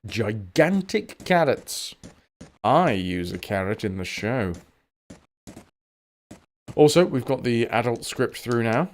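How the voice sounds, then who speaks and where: A man's voice: mid-range voice, big pitch swings, takes it slowly, long pauses. A man chatting and joking while playing a game on stream, swearing freely. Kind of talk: casual game commentary.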